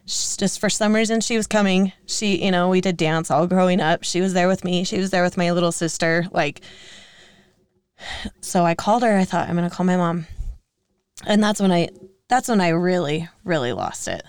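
A woman's voice: on the low side, smooth, no echo. Earnest, emotional woman in her thirties. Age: 30s. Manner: emotional, earnest, quick to laugh. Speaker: podcast co-host. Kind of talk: candid personal storytelling.

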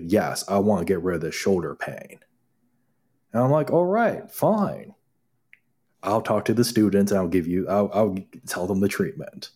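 Deep-voiced man telling animated clinic stories. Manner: animated, acts out quoted dialogue. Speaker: acupuncturist guest. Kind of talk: casual storytelling conversation.

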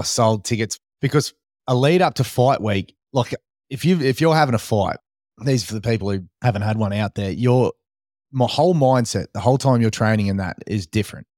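Man, Australian accent, podcast host, lowish voice, dry close sound. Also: moderate pace, a little mellow, no room sound. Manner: reflective, talks in short listed phrases with frequent "you know". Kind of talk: casual interview chat.

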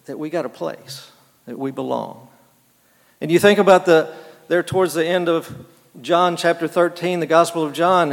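Gravelly-voiced preacher in a hall. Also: male voice, a little high. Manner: halting, repeats words, swings between soft and emphatic. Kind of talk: sermon. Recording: long hall reverb.

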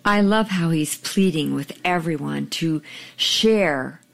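Lady host narrating, slow and steady, low-ish voice. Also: gravelly. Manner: measured, explanatory. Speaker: podcast host. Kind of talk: scripted narration.

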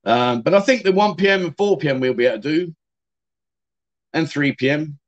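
A middle-aged man chats loosely on a livestream. He answers viewers in a blunt, joking way and keeps calling them mate. His voice sits a little higher than most men's. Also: fairly quick, dull audio. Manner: chatty, blunt, swears, jokey, says mate a lot. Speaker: livestream host. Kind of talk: casual chat reading viewer comments.

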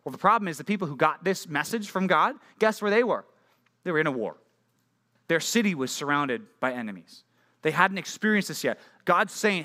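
A youth pastor preaches to junior high students in a relaxed, conversational way, stopping often to ask them questions. His voice sits a bit high for a man and comes across bright and forceful. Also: moderate pace. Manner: casual and conversational, asks listeners questions. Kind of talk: youth sermon. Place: church youth group meeting.

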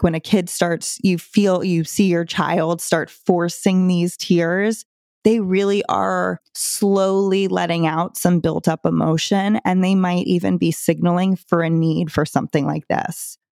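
A woman's voice: fairly low pitch, darkish tone, dry recording, studio quality. A woman hosting a parenting podcast, giving casual advice in a conversational way with chuckles between stories.

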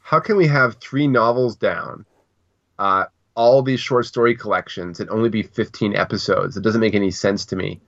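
A man with a lowish voice co-hosting a casual podcast, his humor dry and deadpan. The recording is dull and lo-fi, with a dry sound and no room echo. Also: moderate pace, vocal fry. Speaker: podcast co-host.

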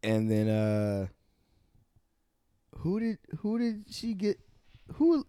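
A man co-hosting a casual wrestling podcast, jokey and animated, often stammering and restarting his sentences. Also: high-pitched, extremely slow, clear, resonant tone, no echo, studio quality. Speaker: podcast co-host.

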